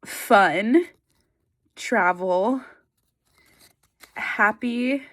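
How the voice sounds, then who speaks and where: Chatty woman vlogging, kinda high voice, laughing and teary a lot. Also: extremely slow, a bit bright. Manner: giggly, emotional, chatty with many fillers. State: tearful. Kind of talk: casual chat to camera.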